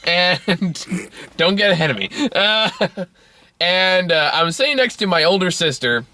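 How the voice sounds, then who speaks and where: A young man chatting casually with a friend, his voice pitched a little high and bright. He laughs often and swears freely, telling his stories in an animated way. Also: measured pace. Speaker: podcast co-host. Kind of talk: casual chat.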